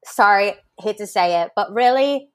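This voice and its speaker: A woman's voice: medium pitch, moderate pace, no echo. A woman guest on a podcast, telling stories animatedly in casual chat, acting out quotes and swearing freely. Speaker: podcast guest, reality show contestant.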